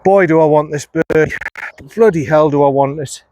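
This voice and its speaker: A man's voice: fairly high pitch, normal speed, darkish tone, no room sound. A man, a golf vlogger giving casual, chatty commentary while playing, talking to himself and swearing mildly. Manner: chatty, talks to himself, frequent mild swearing. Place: outdoors on a golf course. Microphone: phone camera.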